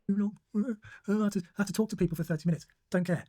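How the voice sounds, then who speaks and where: A speaker in a played clip giving brisk, matter-of-fact advice. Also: medium pitch, warm tone, slightly rough.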